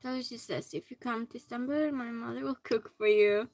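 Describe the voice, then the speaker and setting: A woman's voice: on the high side, fairly even intonation, a little fast, a little mellow, poor audio. A woman hosting a hobby livestream from her home hobby room, chatting casually and greeting viewers by name as she reads their comments.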